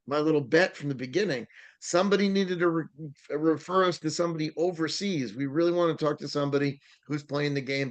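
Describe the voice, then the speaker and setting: A man's voice: a little high, dull audio. A man hosting a podcast in casual chat, rambling with frequent fillers and restarts. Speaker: podcast host.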